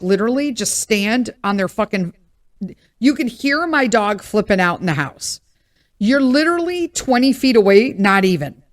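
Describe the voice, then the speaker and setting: A middle-aged woman hosting her own podcast, chatting candidly, laughing at herself and swearing freely, her voice still recovering with a cough. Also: mid-range voice. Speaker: podcast host. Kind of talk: casual solo chat.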